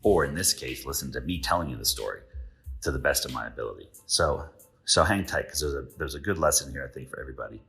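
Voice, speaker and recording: A man's voice: very deep voice, lively intonation, quick pace, gravelly, sharp tone, husky, soft background music. A man hosting a podcast, telling stories casually with quoted dialogue and questions to the listener. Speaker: podcast host. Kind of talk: casual storytelling monologue.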